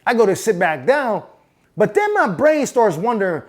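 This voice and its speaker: High-voiced man telling a wild story. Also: moderate pace. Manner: casual, profane, animated. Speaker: host. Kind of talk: storytelling monologue.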